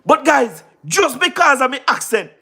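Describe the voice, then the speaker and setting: A man from Jamaica with a Jamaican Patois accent, livestreaming casually, giving shout-outs to viewers and repeating himself emphatically. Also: very high-pitched, sing-song, moderate pace. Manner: repetitive, keeps asking "you understand what I mean", emphatic. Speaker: YouTube live streamer.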